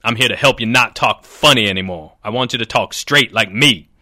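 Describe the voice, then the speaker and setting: A man voicing a pushy, bossy country fellow who talks loud and drawling. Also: medium pitch, fairly quick, dry recording, clean studio sound.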